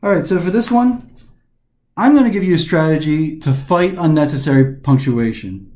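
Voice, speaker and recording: A man with a fairly high voice talks through test questions in a recorded lesson. He restarts his sentences often as he explains. The room around him rings with echo. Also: animated, moderate pace, darkish tone. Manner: explanatory, frequent restarts and fillers. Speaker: test prep instructor.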